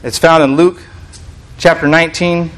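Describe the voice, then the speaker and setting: A man's voice: a little high, steady tone, normal speed, a bit bright, rough recording. A man preaching a casual teaching sermon, reading scripture aloud and explaining it in a conversational, restarting manner.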